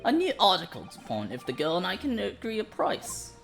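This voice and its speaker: A woman's voice: fairly low pitch, wildly swooping pitch, a little fast, gravelly, faint music behind, full character voice. A woman voicing a fussy, fawning male pawnbroker with an obsequious manner. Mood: smarmy.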